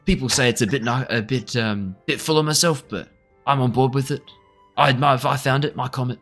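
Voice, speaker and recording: A man's voice: medium pitch, fairly quick, fairly bright tone, faint music behind, natural voice. A man voicing a boastful male fire lord with a New Zealand accent and an offhand, smug way of talking.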